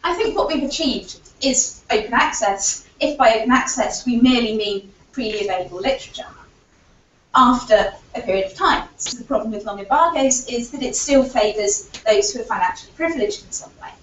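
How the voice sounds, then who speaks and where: In a lecture hall, a woman delivers an earnest conference presentation, arguing her points with frequent fillers while her voice is still recovering. She speaks fairly quickly in a slightly high voice, and the audio is distant, echoey, dull, and lo-fi.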